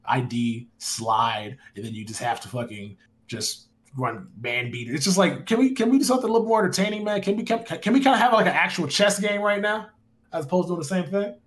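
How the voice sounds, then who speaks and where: A man in his twenties chatting casually on a live stream, animated and rambling, swearing now and then. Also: sits high, fairly quick. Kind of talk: casual live-stream chat about a football video game.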